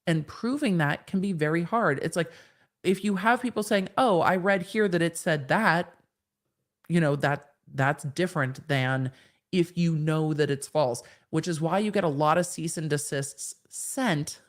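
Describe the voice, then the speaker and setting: A woman with a slightly low voice hosts a casual live stream. She reads viewers' comments aloud and answers each one in a chatty, frank way. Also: normal speed. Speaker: host answering live chat questions.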